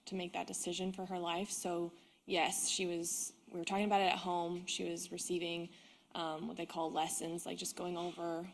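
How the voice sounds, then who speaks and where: A woman witness with a low, gravelly voice and a flat delivery, testifying in court. She answers quietly and calmly, and a faint hiss of noise runs under the courtroom feed. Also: moderate pace. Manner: quiet, composed, brief answers. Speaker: trial witness.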